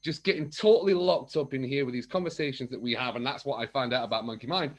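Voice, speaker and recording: A man's voice: medium pitch, fast. A man speaking as a podcast guest, telling his story openly and acting out remembered conversations in different voices. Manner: candid and animated, acts out remembered dialogue. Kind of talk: casual chat.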